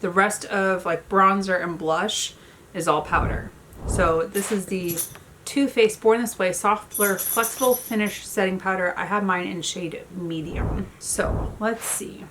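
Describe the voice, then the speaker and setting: A woman's voice: mid-range voice, steady tone, a little slow, noisy background. A woman in her thirties chatting casually at home while doing her makeup, a storyteller who fills her talk with "like". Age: 30s. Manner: chatty storyteller, many "like" fillers. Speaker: beauty vlogger. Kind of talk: casual makeup tutorial chat.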